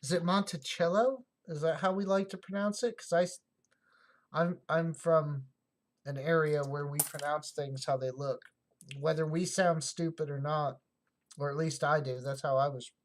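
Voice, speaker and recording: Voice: medium pitch, steady tone, moderate pace, a little hiss or hum. A livestream host in casual chat, thinking aloud while sorting coins and answering viewer comments.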